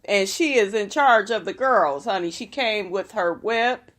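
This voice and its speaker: A woman's voice: medium pitch, a little slow, a bit bright. A young woman, casually recapping a reality show in a sassy, profane, chatty way.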